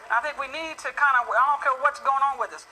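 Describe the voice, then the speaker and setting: High-pitched, bright-voiced male motivational speaker. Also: slight background noise, poor audio. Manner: lively, quick storytelling delivery. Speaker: motivational speaker and corporate trainer. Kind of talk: motivational speech with a joke and a poem reading.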